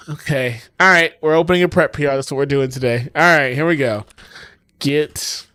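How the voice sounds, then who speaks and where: A man's voice: on the high side, measured pace, sharp tone, no room sound. A man streaming his game coding in casual talk, exasperated, swearing often and talking to his chat.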